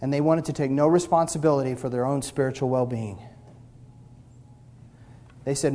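A male pastor preaching a sermon, emphatic, swinging between loud stresses and quiet asides, with a mocking edge. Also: mid-range voice, fairly even intonation, normal speed, long pauses. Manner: mocks complainers with blah-blah asides.

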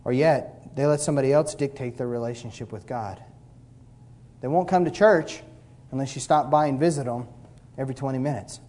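A male pastor preaching a sermon, emphatic, swinging between loud stresses and quiet asides, with a mocking edge. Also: mid-range voice, brisk. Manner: mocks complainers with blah-blah asides.

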